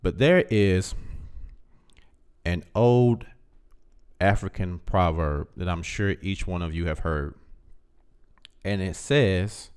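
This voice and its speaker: A man's voice: deep voice, slow, long pauses, darkish tone, clean tone. A man hosting a live call-in show, talking bluntly and with emphasis to his audience. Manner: blunt, emphatic, addresses chat directly. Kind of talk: casual commentary.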